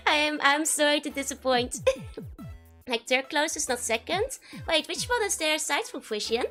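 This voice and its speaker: A woman's voice: high voice, lively intonation, measured pace, long pauses, bright, forceful tone, soft background music. A woman with a Dutch accent chatting casually on a stream, playful and laughing often. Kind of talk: casual live-stream chat.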